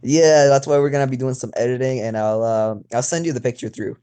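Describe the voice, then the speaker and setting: A man's voice: mid-range voice, brisk, warm tone, clean tone. A teenage boy co-hosting a casual voice chat, talking loosely with many fillers and giggling often. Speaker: YouTuber co-host.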